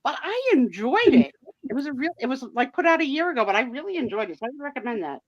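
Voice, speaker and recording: A woman's voice: sits high, sing-song, fast talker, dry recording. A woman hosting a live sale and chat, telling stories in a chatty way and laughing often. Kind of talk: casual chat. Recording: dull, dry lo-fi sound.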